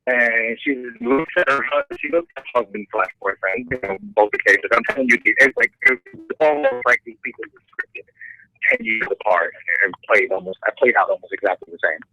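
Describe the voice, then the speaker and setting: A middle-aged man, a tattoo artist, telling a story in casual podcast talk, animated and profane, acting out the people in it. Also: fairly low pitch, a little fast, few pauses, soft background music, poor audio. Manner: animated, profane, acts out voices in stories.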